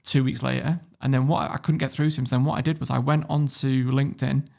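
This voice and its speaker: A man from Warrington with a northern English accent, telling stories as a podcast guest in a casual, animated way, swearing freely. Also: mid-range voice, fast talker, gravelly. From Warrington, England. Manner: animated storyteller, swears freely, laughs often. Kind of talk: casual interview storytelling.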